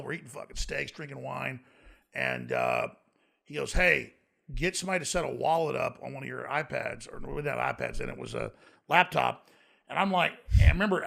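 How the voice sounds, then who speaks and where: A man rattles through rambling, profane stories as a podcast guest. His voice is heavily gravelly and fried, but it has a bright, forceful edge. He talks at a fast clip. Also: a little high. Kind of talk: casual podcast chat. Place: podcast studio.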